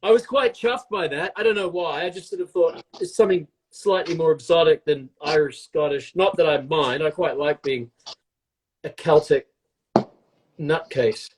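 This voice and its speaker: A man's voice: fairly high pitch, normal speed, a little hiss or hum. A man chatting casually on a live video stream while baking, joking and rambling in a self-mocking way.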